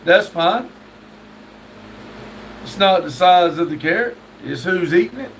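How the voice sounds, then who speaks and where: A man's voice: high-pitched, animated, unhurried, a bit bright. A man hosting a live stream, reading viewer messages aloud and answering them with wry jokes. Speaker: livestream host. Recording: distant mic with faint background noise.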